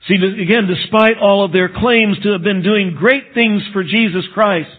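Husky male pastor, unhurried and emphatic, lifts for stress and sinks to a hush, thin lo-fi recording. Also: fairly even intonation. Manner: earnest, emphatic preaching, drops to a low hush for solemn points. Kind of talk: sermon. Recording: tinny phone-like sound.

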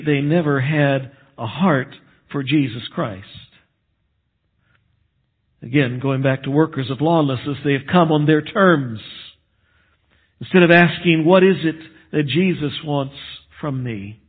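Husky male pastor, unhurried and emphatic, lifts for stress and sinks to a hush, thin lo-fi recording. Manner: earnest, emphatic preaching, drops to a low hush for solemn points. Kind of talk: sermon. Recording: tinny phone-like sound.

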